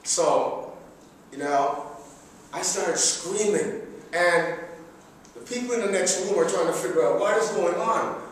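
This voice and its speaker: A man's voice: high voice, unhurried, long pauses, recorded from a distance, slight background noise. Middle-aged man telling a comic story. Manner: animated, chatty, self-mocking. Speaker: public speaker. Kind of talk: humorous speech storytelling. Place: large hall. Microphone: distant room mic. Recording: echoey hall recorded from afar.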